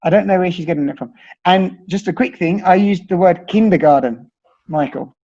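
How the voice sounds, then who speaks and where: A man's voice: high voice, moderate pace, warm tone. A man with a British accent, chatting and telling anecdotes as a teacher in a webinar discussion. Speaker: English teacher. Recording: dull lo-fi sound.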